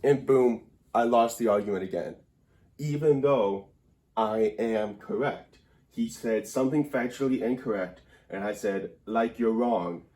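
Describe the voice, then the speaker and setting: A man plays a mock grammar teacher in a comedic whiteboard lesson, talking slowly in a low, mellow voice. He rambles in a wry, mock-serious way. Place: indoor room by a whiteboard.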